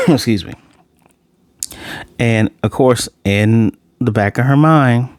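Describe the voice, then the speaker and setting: A man giving a casual, animated episode review, ranting and acting out the characters' lines as he goes. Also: mid-range voice, slow pace, clean tone, dry recording. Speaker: anime reviewer.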